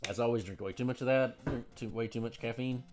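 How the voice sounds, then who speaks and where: A man with a Southern American drawl talks at an easy middle pitch, rambling and poking fun at himself as he chats on a stream. Faint music plays behind him. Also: quick pace. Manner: relaxed, rambling, self-deprecating. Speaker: co-host. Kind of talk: casual chat.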